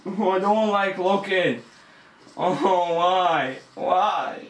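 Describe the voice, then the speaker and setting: A man's voice: sits high, extremely slow, echoey room. A young man commentating a horror game as he plays, nervous and easily scared, swearing and laughing. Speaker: gamer. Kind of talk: let's play commentary.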